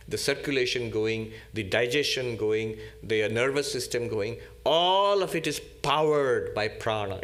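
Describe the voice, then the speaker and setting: A man, a monk, giving a spiritual lecture in a deliberate, teacherly way, repeating key terms. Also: on the high side, fairly bright tone.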